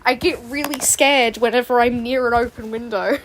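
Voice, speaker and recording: A woman's voice: fairly high pitch, steady tone, normal speed, fairly bright tone. A young woman chatting casually with viewers while she draws, rambling with laughing asides. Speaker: streamer and artist. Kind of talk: casual chat while drawing. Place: home room, indoors.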